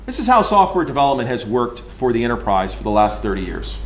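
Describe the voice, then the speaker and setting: A man in charge of a large engineering team gives an animated, joking conference talk in a ranting manner. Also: medium pitch, fast. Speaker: engineering leader. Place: conference room.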